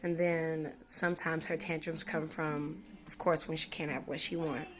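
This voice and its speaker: A woman's voice: sits low, flat delivery, moderate pace. A young woman in a casual home parenting vlog, chatty and full of "you know". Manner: chatty, repeats phrases, says "you know" often. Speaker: mother vlogger. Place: at home indoors.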